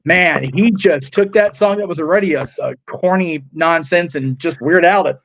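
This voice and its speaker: A man's voice: a little high, normal speed, fairly bright tone. A man chatting casually before and after his karaoke turn, mocking himself with profane jokes. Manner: profane, laughing self-mockery. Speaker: karaoke singer. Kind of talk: casual chat.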